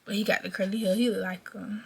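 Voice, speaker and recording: A young woman vlogging casually to her viewers on a phone camera, excitable and chatty. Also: medium pitch, quick pace, vocal fry, slightly rough. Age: young adult. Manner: excitable, talks to viewers as y'all. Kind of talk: casual vlog chat.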